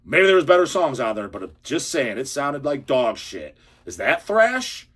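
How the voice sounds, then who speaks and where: A husky-voiced man rants in a casual monologue, heated and profane. His pitch swings up and down as he pushes his point. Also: normal speed. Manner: profane, heated, animated ranting. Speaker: channel host. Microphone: handheld camera or phone.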